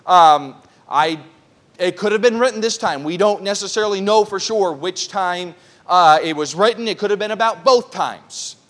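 Male pastor, high voice, earnest sermon delivery, slow scripture reading. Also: a bit bright. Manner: earnest, reads scripture slowly, restarts phrases. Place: church.

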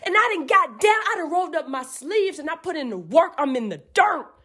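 A woman's voice: high voice, big pitch swings, brisk, pushed and bright. A woman podcast host in an emphatic spiritual rant, fiery and profane.

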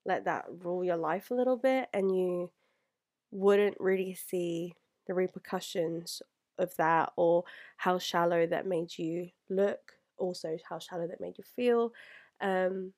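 A woman's voice: fairly low pitch, measured pace, a little mellow. A young woman, talking in an earnest, rambling way to her past self, close to tears. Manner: earnest, rambling, fillers and restarts. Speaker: vlogger.

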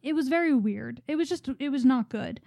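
A young woman with a high voice chats casually as a podcast co-host. She fills her talk with little fillers and quick asides. The recording is dry and close. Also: expressive, vocal fry, dark tone, no room sound. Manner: chatty, full of fillers.

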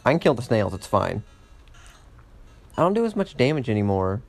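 A man's voice: mid-range voice, sing-song, normal speed. A man chatting casually while playing a game, rambling through a story, swearing often and laughing at his own mishaps. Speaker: gamer. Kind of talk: casual let's-play commentary.

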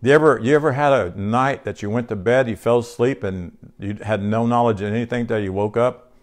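Preaching briskly at a medium pitch, a sleep-deprived male pastor keeps his sermon conversational. He reads scripture aloud and puts questions to his congregation.

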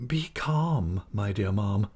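A man voicing a mild, timid village doctor who speaks in a soft, placating way. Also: mid-range voice, wildly swooping pitch, unhurried, breathy edge, full character voice. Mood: meek placating.

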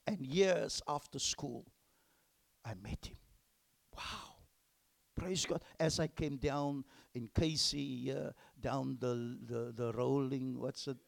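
A male pastor, preaching a sermon emphatically and swinging between loud exclamations and hushed whispers. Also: mid-range voice, creaky.

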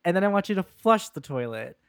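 A man quoting his elderly grandmother, who is deadpan and morbid, in a dry close sound. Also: fairly low pitch, fairly quick, no echo, pitched above the performer's own voice. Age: 80s.

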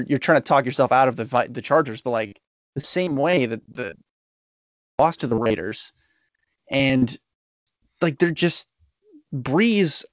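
A man's voice: medium pitch, no room sound. A man in casual sports chat, teasing and arguing with his co-host and swearing freely. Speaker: podcast co-host.

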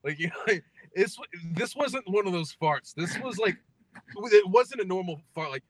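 A man's voice: high voice, expressive, normal speed, no echo. A young man hosting a podcast, telling profane, laughing stories in casual chat. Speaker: podcast host.

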